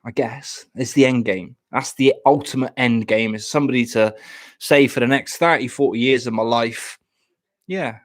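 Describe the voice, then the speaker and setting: A man's voice: medium pitch, steady tone, moderate pace. A young man from Plymouth, chatting casually on a live stream at home, often stammering and repeating words. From Plymouth, England.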